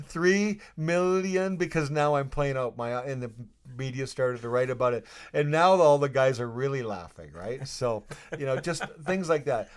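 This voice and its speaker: A man in his fifties, a retired hockey player guest, telling stories in a rambling, animated way and laughing as he acts out scenes. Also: mid-range voice. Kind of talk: casual storytelling interview.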